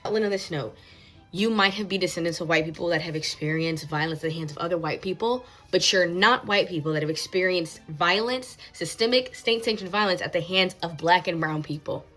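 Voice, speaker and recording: Woman commentator, emphatic lecturing delivery, lowish voice, faint music underneath. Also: a little fast, fairly bright tone. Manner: emphatic, lecturing, repeats words for stress. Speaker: social media commentator. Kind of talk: direct-to-camera commentary.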